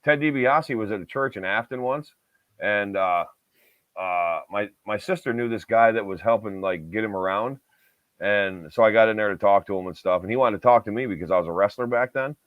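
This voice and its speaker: A man's voice: on the low side, fairly quick, no room sound. Guy ranting and cussing on a podcast, dry dull audio. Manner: heated, profane ranting. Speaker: podcast co-host. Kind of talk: casual chat.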